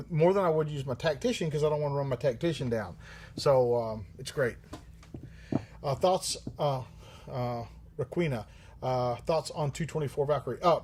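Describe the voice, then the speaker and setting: A man's voice: medium pitch, a little mellow, a little hiss or hum. A man hosting a livestream who answers viewer questions in a rambling, joking way, swearing often and using many fillers. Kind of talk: casual live-stream chat.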